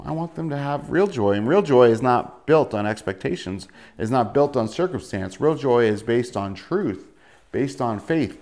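A man preaching a sermon with lots of energy and humor. His voice swings widely in pitch as he acts out quick asides and reads verses aloud. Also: a little mellow. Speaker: pastor.

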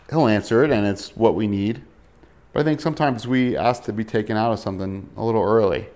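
A male pastor preaching a sermon in a conversational way, reading scripture and asking rhetorical questions with shifting emphasis. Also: medium pitch.

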